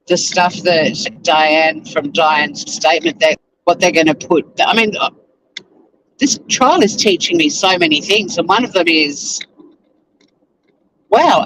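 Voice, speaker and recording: A man's voice: high voice, a bit bright, rough recording. A Tasmanian man with an Australian accent, chatting casually on a live stream as he drives to work, rambling with lots of fillers. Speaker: YouTuber reacting live while driving to work. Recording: faint car road noise.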